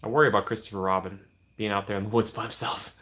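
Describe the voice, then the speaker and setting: A man's voice: lowish voice, little pitch movement, very fast, fairly bright tone. A young man casually chatting on a live stream, reading and answering viewer comments with playful teasing.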